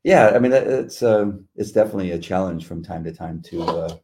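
Deep-voiced middle-aged man, earnest devotional co-host. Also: a little fast, dark tone. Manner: earnest, reflective. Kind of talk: devotional chat.

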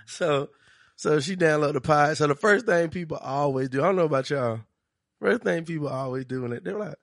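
A man's voice: fairly high pitch, normal speed, no room sound, clean studio sound. Laid-back slangy male podcast host. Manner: laid-back, laughs often, slangy storytelling. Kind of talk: casual chat.

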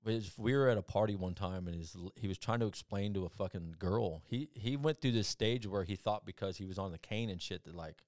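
Here a man speaks in a lowish, slightly mellow voice, talking fairly quickly with few pauses, on a dry studio-quality recording. He's a podcast guest spinning profane, rambling stories full of restarts. When he quotes people, he acts them out with big jumps in voice.

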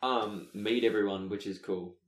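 A man from Sydney's western suburbs with an Australian accent, a cast member chatting in a laid-back, halting way. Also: fairly low pitch, fairly even intonation. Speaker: actor in the cast. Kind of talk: casual group chat. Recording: echoey room.

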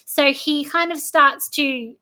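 High bright woman chatting casually. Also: slow. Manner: retells scenes with lots of "like" and acted-out quotes. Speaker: book discussion co-host. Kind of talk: casual chat.

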